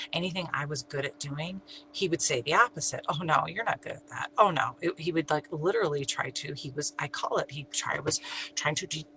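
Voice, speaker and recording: Over a steady background hum and rough recording quality, a middle-aged woman with a low voice tells her own story. She's a channel host and abuse survivor, speaking emphatically, repeating herself, and sometimes dropping to a whisper.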